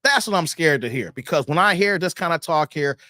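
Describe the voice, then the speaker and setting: Hosting a laid-back livestream, this fairly high-voiced man from Chicago talks a little fast and with lots of energy directly to his audience. He laughs frequently and reads chat messages out loud; the recording is close-miked and dry, without any room echo.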